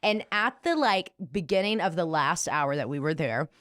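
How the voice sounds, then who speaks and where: Chatty young woman, low voice. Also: normal speed, no echo, clean studio sound. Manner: animated storytelling, swears casually. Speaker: podcast co-host. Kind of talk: casual chat.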